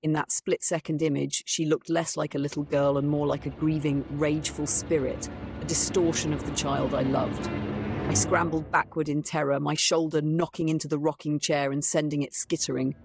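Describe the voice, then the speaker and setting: A woman's voice: low voice, level tone, moderate pace, gravelly. A woman telling a ghost story in first person as scripted narration, over background music.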